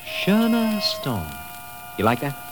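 An actor playing a salesy, excitable Hollywood publicity man in a 1950s radio drama, heard in an old broadcast recording with music behind him. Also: mid-range voice, a little fast, lightly acted. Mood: pitching. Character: pushy fast-talking male Hollywood publicity man.

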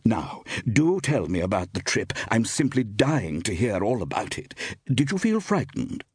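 A man reading aloud, voicing a glamorous, gushing actress with affected, drawn-out endearments. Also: fairly low pitch, very animated, husky, no room sound, clean studio sound, voice pushed up, exaggerated voice.

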